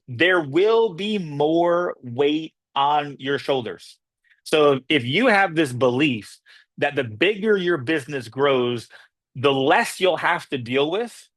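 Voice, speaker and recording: A man delivering a motivational business talk in a fairly high voice. He speaks conversationally and repeats himself for emphasis, slipping into other people's reactions as he goes. The sound is dry and close. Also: fairly bright tone, no room sound.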